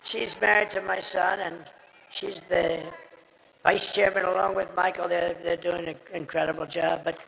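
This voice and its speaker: A man's voice: high voice, level tone, normal speed, gravelly. A man giving a rambling, boastful campaign rally speech at a podium microphone, his voice strained and tiring after a long day. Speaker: political speaker at a rally. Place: large rally venue. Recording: reverberant venue with crowd noise.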